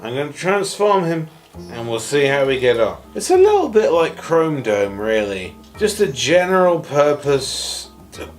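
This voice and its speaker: A man rambles through a toy review after too many shots, tipsy and hiccuping. His fairly high voice drags along slowly, then leaps into sarcastic yelps before sinking to mumbles. Faint music plays underneath. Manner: excitable, sarcastic, swinging between yelps and mumbles.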